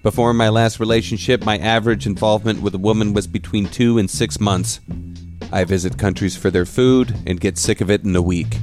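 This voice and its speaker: A man hosting a podcast, reading a scripted narration in a measured, reflective way. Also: lowish voice, steady tone, over music. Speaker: podcast host.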